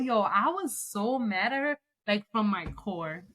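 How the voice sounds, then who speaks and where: A woman co-hosting a casual podcast, telling stories with loud, acted-out quotes and speaking with features. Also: medium pitch, unhurried. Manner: animated storyteller, acts out quotes loudly. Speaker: podcast co-host. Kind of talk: casual chat.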